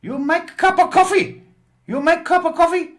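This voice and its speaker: A man voicing a strict, bossy older woman flatmate who barks orders in clipped, broken English. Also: extremely high pitch, fairly quick, pitched above the performer's own voice.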